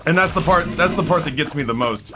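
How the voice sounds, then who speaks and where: A man's voice: fairly high pitch, animated, fast, over music. A man in his forties chatting live with his stream viewers, rambling, swearing and greeting people in chat by name. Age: 40s.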